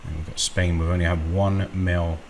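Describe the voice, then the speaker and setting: A man hosting a screen-recorded software walkthrough, unhurried and thinking aloud with frequent ums. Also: low-pitched, little pitch movement, slight background noise. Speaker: tutorial host.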